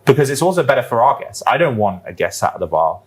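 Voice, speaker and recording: A man's voice: medium pitch, big pitch swings, fast, husky. A man from the United Kingdom, a bar director, talking earnestly and at length in a conversational interview, with many fillers.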